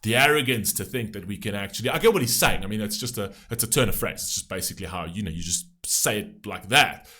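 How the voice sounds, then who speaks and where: Passionate, ranting man with lively pitch. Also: quick pace, hardly any pauses. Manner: passionate, ranting, swears often; emphatic, rhetorical questions. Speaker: reaction video host. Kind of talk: reacting to a music video.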